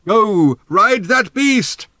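A man's voice: high-pitched, very animated, measured pace, bright, forceful tone, no room sound, pitched above the performer's own voice, full character voice. A man voicing an old male tribal elder who bellows his words over a thundering herd, in an audiobook reading. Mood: shouting.

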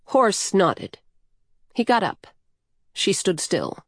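A woman narrating a storybook in a calm, measured way. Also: mid-range voice, dry recording, studio quality. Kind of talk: scripted narration.

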